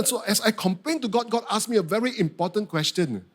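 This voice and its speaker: Animated preaching man, lively pitch. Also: normal speed. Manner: animated storytelling, acting out his own outbursts. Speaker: pastor. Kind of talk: sermon.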